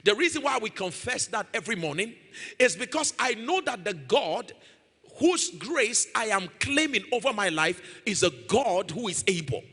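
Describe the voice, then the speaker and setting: A man's voice: high-pitched, very animated, moderate pace, fairly bright tone, husky. A man pastor preaching a sermon in a church hall, emphatic and repetitive, rising now and then into sung-out phrases. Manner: emphatic, repeats key phrases, rises into sung-out lines. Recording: long hall reverb.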